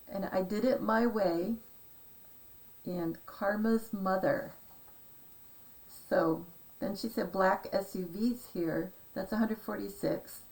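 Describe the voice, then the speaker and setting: A conspiracy-decoding vlogger with a creaky, darkish mid-range voice rambles through a casual monologue on a low-quality recording. She meanders and hesitates, often trailing off into asides.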